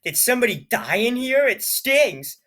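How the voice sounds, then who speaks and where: A man's voice: very high-pitched, big pitch swings, moderate pace, sharp tone, pitched above the performer's own voice, heavily acted. A man voicing a cocky teenage boy who mocks his friend in a brash way. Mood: mocking.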